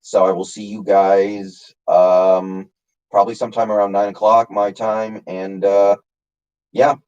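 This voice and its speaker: A man's voice: lowish voice, flat delivery, unhurried, a little mellow, smooth, dull audio. A man casually chatting on his live stream, answering chat by name with lots of fillers. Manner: rambling, reads chat names, many fillers.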